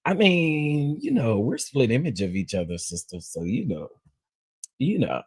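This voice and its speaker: Husky-voiced man greeting livestream viewers. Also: mid-range voice, measured pace, no echo. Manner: animated, greets viewers one by one, playful. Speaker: livestream host. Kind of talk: casual livestream chat.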